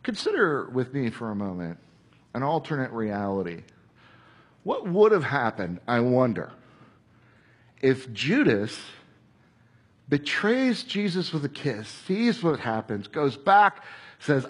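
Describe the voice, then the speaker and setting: A man's voice: medium pitch, sing-song, slow, pauses often, slightly rough. A man preaching a sermon in a conversational way, acting out quoted voices and at times dropping to a whisper. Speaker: pastor.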